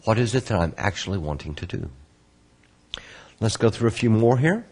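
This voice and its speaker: Man, very low voice, husky, patient lesson delivery, repeats key terms slowly. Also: expressive, darkish tone. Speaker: Kabbalah course instructor. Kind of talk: online lesson answering student questions.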